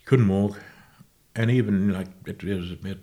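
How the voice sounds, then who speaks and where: This guest musician from Australia has a low, warm voice and tells stories in a casual interview. His recollections come unhurried and halting, and he corrects himself as he goes.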